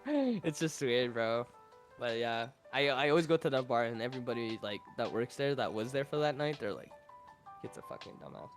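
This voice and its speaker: A man's voice: mid-range voice, expressive, moderate pace, faint music behind. A young man telling a story as a podcast guest in casual, rambling talk, full of swearing and "like" fillers. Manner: profane, rambling, with filler 'like'.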